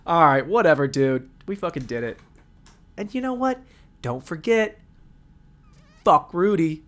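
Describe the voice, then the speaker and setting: A man's voice: on the high side, animated, moderate pace, pauses often, fairly bright tone. A man hosting a solo comedy podcast, ranting crudely and energetically. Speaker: podcast host.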